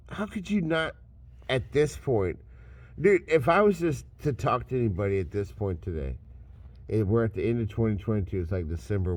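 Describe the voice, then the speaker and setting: A man ranting to camera, swearing constantly and swinging between mocking shouts and low mutters. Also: no echo. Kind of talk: profane rant to camera.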